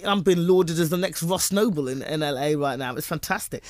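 A woman's voice: low-pitched, brisk, darkish tone, no echo. A woman from England with a British accent, a comedian in a casual interview, talking in a brash, boastful, jokey way. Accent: British English.

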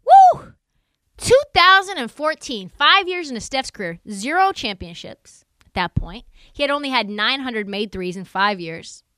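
A woman co-hosting a podcast, chatting about sports in an animated, jokey way and acting out quotes. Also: on the high side, normal speed, clear, resonant tone, no room sound. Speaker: podcast co-host. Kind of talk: casual sports chat.

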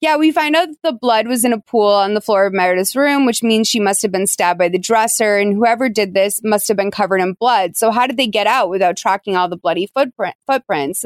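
A woman hosts a casual podcast chat, rambling and animated, full of "like" and "um". Her voice sits in a middle register. The sound is dry and close, with little room around it. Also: mid-range voice, dry recording. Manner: chatty, filler-heavy, animated storytelling. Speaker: podcast host.

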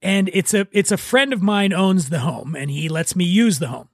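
Host, man, high voice, animated self-mocking storyteller, dry close sound. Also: normal speed, no echo. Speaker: podcast host. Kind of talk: casual podcast chat.

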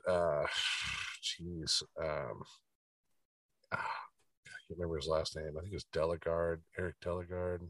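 Man from texas, low voice, dry sound, slightly distant from mic, casual animated storyteller. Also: no room sound. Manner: animated, swearing, jumps into quoted voices. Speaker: guest musician.

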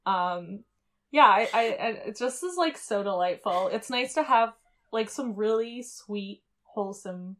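A woman's voice: mid-range voice, lively intonation, measured pace, a bit bright. A woman co-hosting a podcast in casual chat, talking with lots of fillers and frequent laughter. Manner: chatty, laughs often, many fillers. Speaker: podcast co-host. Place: Germany.

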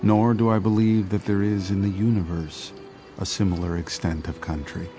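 A man reading a historical passage in a solemn, measured way. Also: lowish voice, dark tone. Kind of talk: scripted narration of a historical quote.

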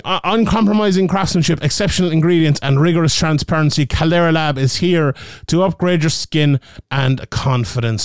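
A man's voice: a little high, smooth, no echo, clean studio sound. A young man hosting a podcast from his home office, reading ads and chatting in a jokey, rambling way that keeps correcting itself. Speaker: podcast host. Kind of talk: casual ad read and sports chat.

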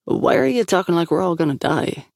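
A woman's voice: fairly low pitch, fairly quick, gravelly, darkish tone, no room sound, studio quality. A woman voicing an eager, boyish young man who gets flustered easily.

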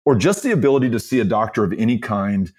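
A man's voice: on the low side, sing-song, darkish tone. A man from Texas, a political candidate, telling stories as an interview guest in an earnest, impassioned way. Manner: earnest storytelling, measured and impassioned. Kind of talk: conversational interview.

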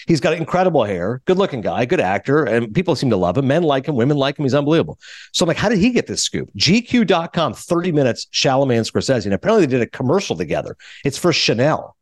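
A man co-hosting a talk show, retelling interviews in a quick, animated casual chat and acting out quotes in higher voices. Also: no echo. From New Jersey. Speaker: radio show co-host.

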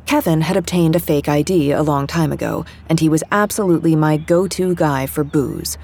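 Audiobook narrator: young woman, wry delivery, husky low voice. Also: normal speed, hardly any pauses, a little mellow. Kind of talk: first-person fiction narration.

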